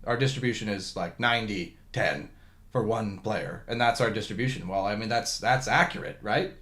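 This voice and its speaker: A man's voice: fairly low pitch, normal speed, a bit bright. A man hosting a volleyball talk podcast in casual chat, joking and rambling with frequent restarts. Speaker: podcast host.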